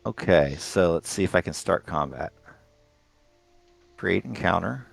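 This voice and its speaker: A man running a tabletop role-playing game as game master, narrating the action haltingly with fillers and restarts. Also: sits low, lively intonation, vocal fry, soft background music.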